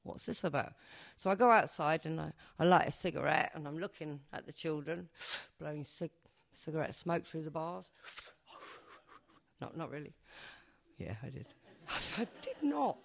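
A woman's voice: deep voice, expressive, normal speed, creaky, long pauses. Brief: woman, performance poet, live comic storytelling, chatty and cheeky, swears, laughs at herself. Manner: chatty, self-mocking, swears freely, laughs at own jokes. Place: stage before a live audience.

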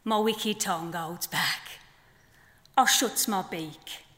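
A tart, resigned old grandma flamingo with a Black Country accent, as a woman poet puts her on. She mutters low and dry, grumbling at her chick. The voice carries a long hall reverb. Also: slow, fairly bright tone. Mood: weary.

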